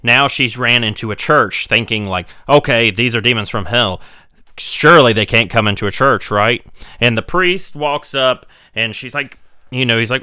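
A man's voice: medium pitch, moderate pace, sharp tone, clear, resonant tone, dry recording, clean studio sound. A man co-hosting a horror film podcast, casually recapping scenes with rambling asides and swearing. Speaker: podcast co-host.

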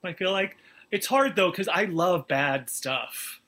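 Bright-toned animated man, podcast guest. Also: high voice, slow. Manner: animated, giggly, rambling answers. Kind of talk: casual interview chat.

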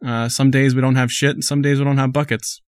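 A man's voice: medium pitch, flat delivery, fast, pitched above the performer's own voice, lightly acted. A man voicing a resigned Russian man in a joke, weary and matter-of-fact. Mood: wry.

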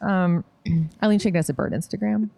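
A woman co-hosting a casual podcast, chatty and quick to agree as she recaps a TV show. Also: lowish voice, creaky, dark tone, no echo. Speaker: podcast co-host.

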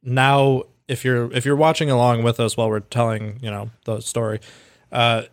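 A man's voice: mid-range voice, little pitch movement, moderate pace, no room sound, clean studio sound. A man co-hosting a podcast, chatting in an easygoing, casual way. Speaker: podcast co-host. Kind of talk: casual chat.

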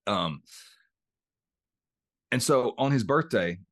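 A man's voice: mid-range voice, animated, takes it slowly, fairly bright tone, dry recording, clean studio sound. A middle-aged man, a podcast guest, earnestly telling a personal story and openly showing emotion. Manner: earnest, open about emotion, repeats words while searching. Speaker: podcast guest, mind coach. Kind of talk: reflective interview storytelling.

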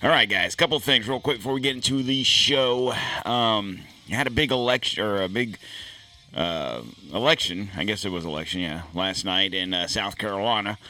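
A man's voice: on the low side, moderate pace, sharp tone. A middle-aged man hosting his own podcast, chatting casually and rambling with jokes and fillers. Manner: rambling, joking, many fillers. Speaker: podcast host. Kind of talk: casual chat. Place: home studio. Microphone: studio podcast mic.

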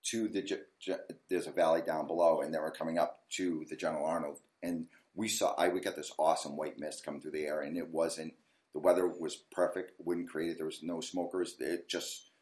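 Very deep-voiced New man, animated. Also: fairly quick. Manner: animated storyteller, acts out yelling at the TV. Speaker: ghost hunter guest. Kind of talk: casual interview chat.

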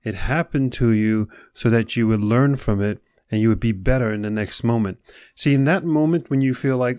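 A man's voice: medium pitch, moderate pace, darkish tone, dry recording, studio quality. A man speaking straight to the listener in a motivational monologue, asking pointed questions and acting out people's excuses.

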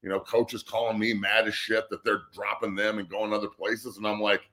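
Blunt, ranting man with a low voice. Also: level tone, moderate pace, hardly any pauses, bright, forceful tone. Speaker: guest co-host. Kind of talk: heated casual sports talk.

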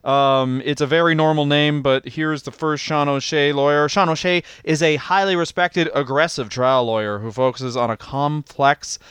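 A man's voice: on the high side, fairly even intonation, normal speed, few pauses, a bit bright, clear, resonant tone, dry recording. A man co-hosting a comedy podcast, joking crudely and swearing often. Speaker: podcast co-host. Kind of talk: casual comedic chat.

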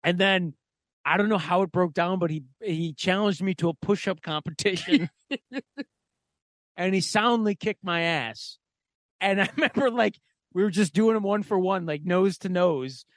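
A man's voice: high-pitched, normal speed, dry recording. A man co-hosting a podcast, telling a casual, profane, rambling story full of "like" fillers. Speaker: podcast co-host.

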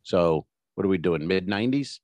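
A man's voice: sits low, normal speed, no room sound. A man co-hosting a podcast, telling an anecdote in casual chat and acting out the quotes with gusto. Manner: animated storyteller, acts out quotes. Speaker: podcast co-host.

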